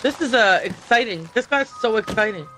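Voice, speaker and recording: Woman streamer, chatty and laughing, bright lively voice, faint music behind. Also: on the high side, moderate pace, rough recording. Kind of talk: live game playthrough commentary.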